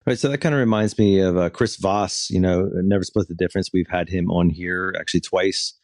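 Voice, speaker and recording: A man's voice: deep voice, steady tone, fairly quick, a little mellow, dry recording, studio quality. A man hosting an interview podcast, explaining ideas at length and asking long questions. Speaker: podcast host.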